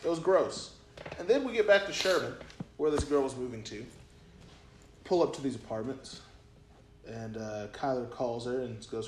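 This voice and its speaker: A young man co-hosting a casual podcast, telling a story in a rambling way, full of ums and restarts. His voice sits at a middle pitch. The room is roomy and echoey. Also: lively intonation, normal speed, pauses often, a little hiss or hum. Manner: rambling, many fillers and repeats. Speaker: podcast co-host. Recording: roomy echo.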